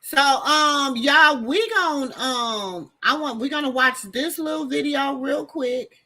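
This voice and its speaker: A woman talks to her livestream audience in a high, bright voice. She takes her time and drives points home by repeating them. Her tone is emphatic and direct. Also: takes it slowly. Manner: emphatic, repetitive, addresses viewers as y'all. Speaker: commentary host. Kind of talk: casual livestream commentary. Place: home during a storm.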